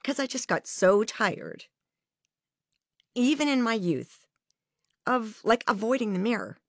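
A woman's voice: a little high, big pitch swings, measured pace, no echo, studio quality. A woman being interviewed, speaking frankly and reflectively about her own life in a candid conversation. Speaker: interview guest.

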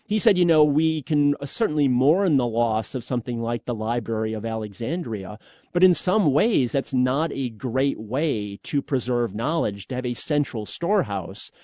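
Author guy on a radio interview, warm dark voice, dry close sound, thoughtful. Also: mid-range voice, lively intonation, moderate pace, no room sound. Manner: thoughtful, explanatory.

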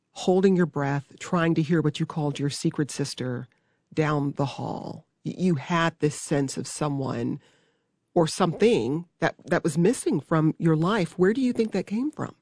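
A radio show host introducing a guest and asking questions in a measured, clear, inviting way. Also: mid-range voice, a little mellow, dry recording, clean studio sound. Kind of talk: public radio interview hosting.

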